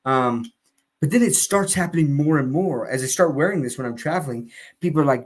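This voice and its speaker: A man's voice: on the high side, normal speed. A man on a live stream telling a long casual story, full of fillers and restarts, laughing now and then.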